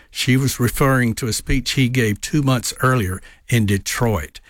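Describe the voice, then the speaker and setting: A man's voice: mid-range voice, fairly even intonation, moderate pace, hardly any pauses, no echo, studio quality. A man, a guest and author on a radio interview, tells history anecdotes with frequent uh's and um's. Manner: anecdotal storyteller with frequent fillers. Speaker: guest, tourism director and author.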